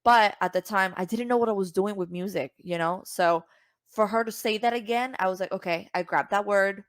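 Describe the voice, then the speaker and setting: A woman from Cuba, a singer and podcast guest, telling a story casually and acting out the voices she quotes with big jumps in pitch. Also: brisk, dry recording, studio quality.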